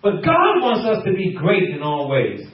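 Laughing preacher guy, voice jumps all over, kinda high, echoey far-off church sound. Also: unhurried, muffled recording. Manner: lively, playful, laughs often, acts out voices. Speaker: pastor. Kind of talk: sermon.

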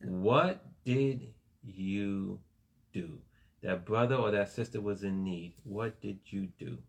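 A man's voice: on the low side, slow, vocal fry. A man preaching a sermon in a casual, conversational way, often asking "right?" and laughing along with listeners. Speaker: pastor.

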